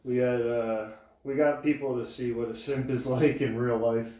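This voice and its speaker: A man's voice: medium pitch, fairly even intonation, normal speed, mellow. Laid-back man telling stories, echoey room. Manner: laid-back storytelling, swears freely. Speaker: podcast co-host. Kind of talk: casual podcast chat.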